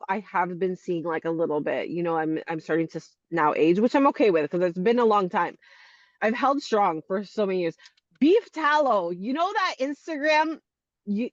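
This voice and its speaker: A woman's voice: medium pitch, no echo. Interview guest: Canadian woman, forties, rambling and filler-heavy, on a dull, dry, lo-fi recording. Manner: rambling, heavy use of "like", frequent restarts. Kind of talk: casual interview chat.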